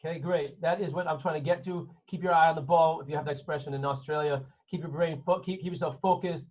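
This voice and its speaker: A male rabbi leading an online class, animated and joking as he tells stories. His voice sits high and husky. The audio comes over a slightly dull online call. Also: fast. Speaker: rabbi teacher. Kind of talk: online class storytelling lesson.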